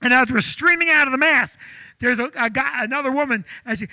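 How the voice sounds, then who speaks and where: Casting: high-pitched, sharp-toned male comic storyteller, animated and loud. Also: fairly quick, no echo. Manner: animated, loud, acts out quotes. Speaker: comedian co-host.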